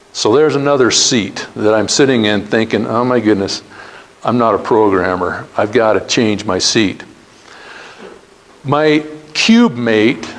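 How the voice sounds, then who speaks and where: A man's voice: mid-range voice, rough recording. A middle-aged man, telling his career story as a guest speaker to students and acting out quoted dialogue. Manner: earnest anecdotal storytelling, acts out quoted dialogue.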